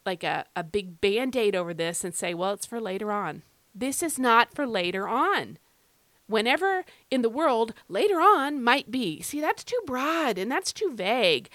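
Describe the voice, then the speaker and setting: A woman's voice: mid-range voice, a bit bright, no echo. Emphatic woman podcast host teaching Scripture. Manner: emphatic, repeats key phrases; conversational, addresses listener directly. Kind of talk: devotional Bible teaching.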